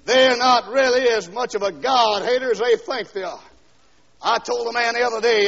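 Preacher man, really high gravelly voice, hollering then going quiet, old lp sound with long church echo. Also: moderate pace. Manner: swings from quiet asides to shouted, sung-out lines. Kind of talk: fiery revival sermon. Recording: dull 1970s LP recording with long hall echo.

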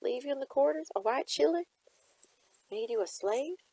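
A woman's voice: high voice, animated, moderate pace, gravelly, dark tone, voice pushed up, rough recording. A woman voicing an elderly, grieving woman servant who speaks tersely in folksy, nonstandard grammar, read from a novel. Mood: earnest. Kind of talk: audiobook character reading.

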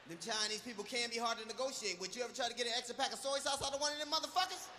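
A male comedian doing a loud, profane, punchy live stand-up routine. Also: extremely high pitch, racing, hardly any pauses, a little hiss or hum.

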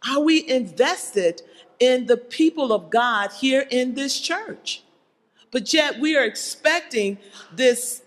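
A preacher delivering a sermon to a congregation, pressing the listeners with pointed rhetorical questions. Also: high-pitched. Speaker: church speaker. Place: church sanctuary. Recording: long hall reverb in a church.

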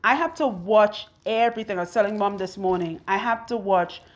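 A young adult woman with a Trinidadian accent, chatting casually and loudly while working, telling stories and acting out what people said. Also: mid-range voice, brisk. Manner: loud, animated storytelling with quoted voices. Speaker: loctician and video host.

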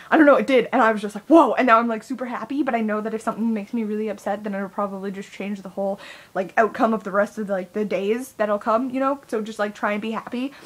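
A woman's voice: a little high, fairly bright tone. Rambling, swearing young woman vlogger. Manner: rambling, heavy swearing, filler-laden. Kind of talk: rambling casual vlog.

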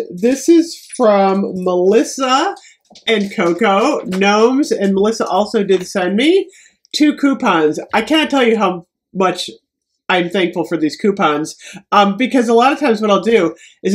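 A middle-aged American woman chats her way through a mail unboxing, gushing over each item. She sounds excitable and warm-hearted, with little laughs running through her talk. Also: medium pitch. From United States. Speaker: beauty vlogger. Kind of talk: casual unboxing chat.

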